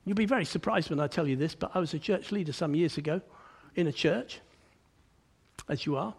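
Fairly quick and marked by vocal fry with a breathy edge, a man preaches animatedly. He builds to emphatic peaks, drops low and quiet, and often repeats words at sentence starts.

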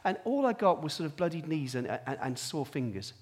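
A man delivers a sermon drawn from his own life, with a voice sitting somewhat high for a man. He drops to quiet, hushed stretches and then climbs to strong, emphatic peaks. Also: big pitch swings, brisk. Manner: personal storytelling, swings from quiet to emphatic. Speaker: preacher.

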